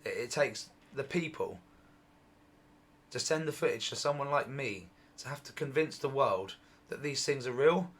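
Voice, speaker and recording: Middle-aged man, UFO channel host, excitable commentary, hoarse, bright tone. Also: mid-range voice, moderate pace. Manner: excitable, repetitive, exclaims often. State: voice going hoarse. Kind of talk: excited commentary over footage.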